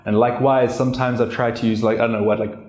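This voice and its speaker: A man presenting a casual pronunciation lesson as a learner of the language, explaining in a relaxed, chatty way with lots of "like" fillers. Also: mid-range voice, fast. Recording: roomy echo.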